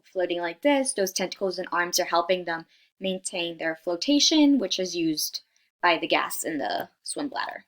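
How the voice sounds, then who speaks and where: Her voice is lowish with a fairly bright tone as this young student presenter goes through a class slideshow. She chats casually, leaning on fillers and frequent "right?", and apologizes each time she fumbles a tough scientific word.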